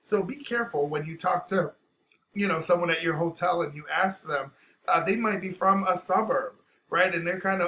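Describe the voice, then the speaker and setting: A middle-aged man from Chicago chats about his city in a bright, forceful voice. He talks in an animated, slangy way and laughs easily, with a slightly raised pitch. A faint room ambience sits behind him. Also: normal speed, slight background noise. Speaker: co-host. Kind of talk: casual travel chat.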